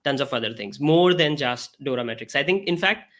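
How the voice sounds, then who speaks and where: A male co-host asks questions in a bright, forward voice. He pauses often and fills the gaps with small filler sounds. His pitch stays in an ordinary middle range. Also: lively intonation. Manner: hesitant, many filler sounds. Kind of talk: casual webinar interview.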